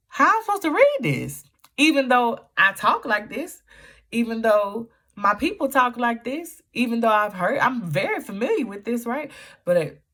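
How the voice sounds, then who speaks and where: A woman talking casually on her book vlog, telling stories in lively Southern Black vernacular. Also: sits low. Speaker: book vlogger.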